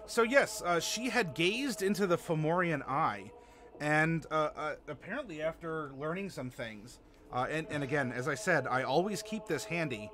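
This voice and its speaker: Game master, male, talkative and halting, crisp bright tone, a little room noise. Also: on the high side, lively intonation. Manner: chatty, halting, many fillers, laughs easily. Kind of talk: narrating a streamed tabletop game.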